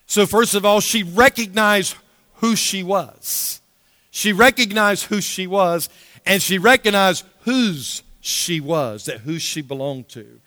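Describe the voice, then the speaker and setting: Emphatic pastor preaching, repeating key lines. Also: male voice, high-pitched, slow pace, no echo, studio quality, long reverb tail. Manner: emphatic preaching, repeats key phrases, drops to hushed prayer. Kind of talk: sermon.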